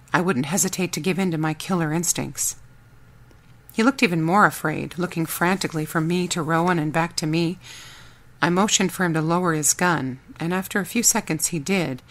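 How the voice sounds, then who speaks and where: A woman reading a first-person audiobook in a steady, measured storytelling voice. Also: on the low side. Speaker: audiobook narrator.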